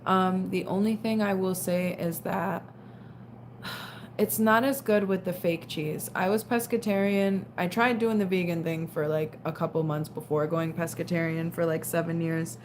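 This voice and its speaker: A young woman hosts a relaxed late-night livestream, chatting loosely and reading and answering comments in a tired, low-pitched voice. She talks at a moderate pace with hardly any pauses, over a faint hum of room ambience.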